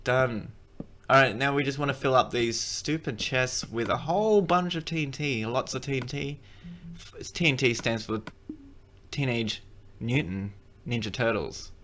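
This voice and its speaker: While playing, a man walks through a game tutorial in a loose, rambling way, cracking jokes and fixing his own mistakes as a gaming video creator. He speaks at a measured pace in a mid-range, fairly bright voice, with a little hiss or hum.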